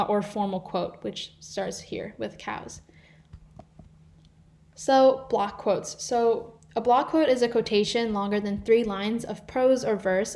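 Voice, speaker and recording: A woman's voice: mid-range voice, a little mellow. A teenage girl teaching a live online grammar lesson as a volunteer tutor, explaining rules and reading example sentences aloud. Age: teens.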